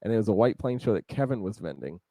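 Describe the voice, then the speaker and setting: A man's voice: lowish voice, big pitch swings, fast talker, mellow, no room sound. A man co-hosting a podcast in casual chat, laid-back and laughing easily. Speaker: podcast co-host.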